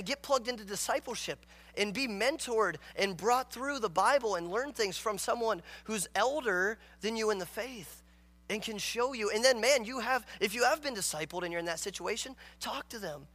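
A man preaching in an earnest, emphatic way, with a notably high voice that sits bright and forward. He reads scripture and breaks into acted-out dialogue. It is a pastor's sermon delivered to a congregation. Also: moderate pace.

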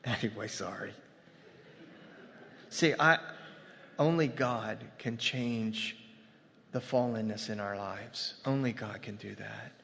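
A man's voice: fairly low pitch, slow pace, gravelly, long pauses, a bit bright, slight background noise. A man preaching a sermon in a loose, conversational way, breaking off into humorous asides before returning to his point. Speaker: pastor. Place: church sanctuary. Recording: long hall reverb.

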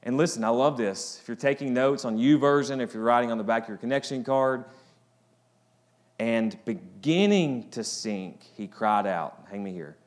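A man preaching a sermon as pastor, swinging between loud, rising appeals and quiet, low asides. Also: moderate pace.

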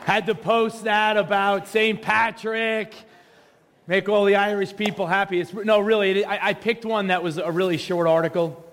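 A man's voice: high-pitched, fairly even intonation, moderate pace, fairly bright tone, in a large hall. A male pastor preaching a sermon in a casual, joking way, teasing his congregation from the pulpit. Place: church sanctuary.

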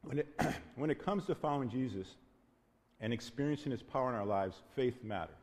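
A man's voice: medium pitch, expressive, fairly quick, darkish tone. A man preaching a sermon as pastor, earnest and conversational, often restarting his phrases. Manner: earnest, restarts often, acts out quoted voices. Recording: long hall reverb.

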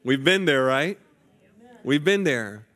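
In a slow, medium-pitched voice, a man preaches to his congregation in a church sanctuary. He tells a personal story and keeps the mood lively with playful, jokey remarks.

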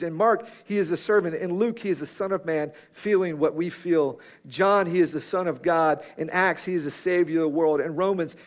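Male preacher, emphatic rhythmic sermon delivery, fairly high voice. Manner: rhythmic, emphatic preaching with direct appeals to listeners.

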